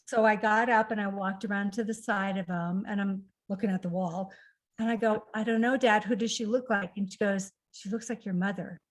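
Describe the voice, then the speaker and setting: A middle-aged woman recounting a personal family story in conversation, acting out the quoted lines of the people in it. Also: mid-range voice. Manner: emotional, acts out quoted dialogue. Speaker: author guest.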